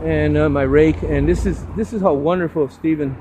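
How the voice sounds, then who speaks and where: A man's voice: a little high, fairly even intonation, moderate pace, noisy background. An older man volunteering to clean up litter, giving a rambling, enthusiastic casual walking tour outdoors on a hillside road, full of stumbling restarts.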